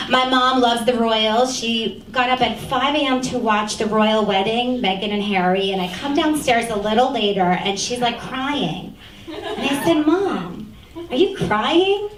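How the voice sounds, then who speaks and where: A middle-aged woman doing a stand-up comedy set in a comedy club, with a dry, deadpan delivery that acts out dialogue. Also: a little high, measured pace, crowd noise. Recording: echoey club, captured from a distance. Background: audience laughter.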